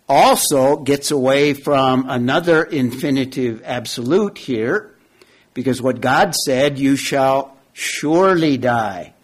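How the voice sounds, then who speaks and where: A man preaching an expository sermon, slowly repeating key phrases and putting questions to his listeners. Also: mid-range voice. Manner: slow, deliberate, repeats key phrases, asks the audience questions. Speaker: preacher teaching from Genesis.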